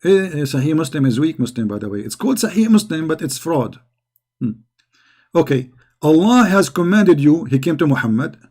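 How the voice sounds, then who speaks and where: A high-pitched man speaks in broken English, delivering a combative religious polemic to the camera. His tone stays mocking and confrontational, with frequent taunts and repeated challenges. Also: big pitch swings, moderate pace, warm tone. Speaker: religious debater. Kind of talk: polemic commentary monologue.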